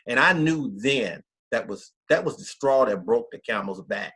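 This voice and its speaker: A man's voice: medium pitch, expressive, moderate pace, hardly any pauses, fairly bright tone, slightly rough. A middle-aged man, a pastor, telling his story in an interview with emphatic, earnest country talk. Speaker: pastor, guest.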